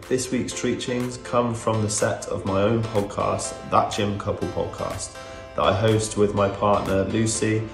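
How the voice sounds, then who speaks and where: A man with a low, gravelly voice presenting a quick trivia bit. He sounds like he is in an echoey room, with faint music behind him. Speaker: podcast guest.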